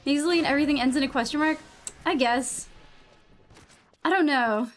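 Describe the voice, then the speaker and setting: A woman's voice: high-pitched, fairly quick. A young woman with a New England accent chatting casually while gaming on a live stream, rambling, saying "like" a lot and swearing freely.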